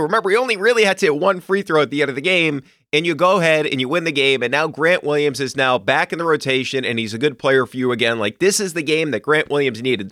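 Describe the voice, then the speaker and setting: Male sports podcaster, bright forceful voice, emphatic rants, dry close sound. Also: a little high, no echo. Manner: animated, emphatic ranting with occasional swearing. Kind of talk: solo sports commentary.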